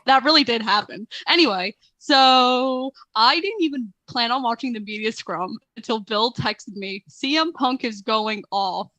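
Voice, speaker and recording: Young woman, casual podcast chat, storytelling, slightly high, dry sound. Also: a little slow, few pauses, pushed and bright, no echo, rough recording. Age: young adult. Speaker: podcast co-host.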